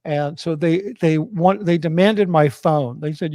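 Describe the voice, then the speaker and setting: A man's voice: a little high, a little slow, hardly any pauses, mellow, dry recording. A man as interview guest, telling a personal story with many restarts and fillers.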